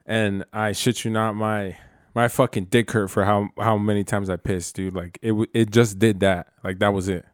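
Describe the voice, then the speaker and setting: A man's voice: fairly low pitch, fairly even intonation, moderate pace, no echo, studio quality. A young man telling loose, profane stories with slang and laughter in casual chat. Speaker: storyteller in a casual podcast chat.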